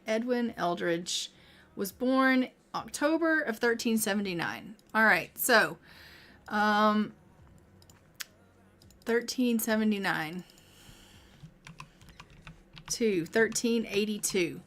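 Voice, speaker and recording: Her fairly high, fairly bright voice is expressive and slow, with long pauses, as she plays on stream. The gaming streamer chats with viewers, offers casual commentary, reads the game text, and occasionally voices characters.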